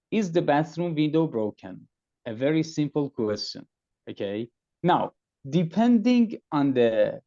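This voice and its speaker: A man serving as an external examiner, giving deliberate, emphatic spoken feedback to students and repeating key phrases. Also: a little high, darkish tone. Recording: dull lo-fi audio.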